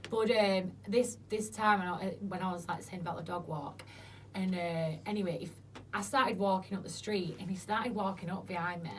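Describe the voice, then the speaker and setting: A woman's voice: mid-range voice, fairly even intonation, normal speed. A woman guest telling frank stories, swearing freely and acting out what people said. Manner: chatty, swears freely, acts out quotes. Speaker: interview guest. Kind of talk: frank casual chat. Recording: distant mic with faint noise.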